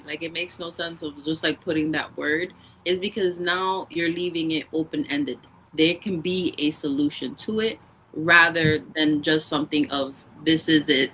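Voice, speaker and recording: A woman's voice: lowish voice, a little hiss or hum, rough recording. A woman co-hosting a podcast, casually telling stories and acting out the lines of the people in them. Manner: animated storyteller who acts out quoted dialogue. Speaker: podcast co-host. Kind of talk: casual chat.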